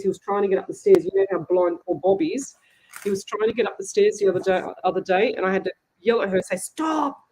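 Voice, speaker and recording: A woman's voice: medium pitch, darkish tone, husky. An Australian woman with a mid-range voice hosts a live psychic show in a loose, chatty way. She talks straight to her viewers and calls them "guys." Her delivery is frank and conversational. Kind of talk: casual live-stream chat.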